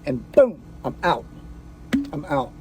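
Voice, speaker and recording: High-voiced man telling a personal story. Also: big pitch swings, slow, a little hiss or hum. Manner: casual, profane, full of fillers and restarts.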